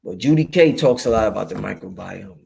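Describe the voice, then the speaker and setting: A Brooklyn man hosts a laid-back livestream, his voice pitched on the low side, slightly quick and creaky. He reads viewer chat and answers it loosely, cursing freely, animated and streetwise as he speaks straight to his audience.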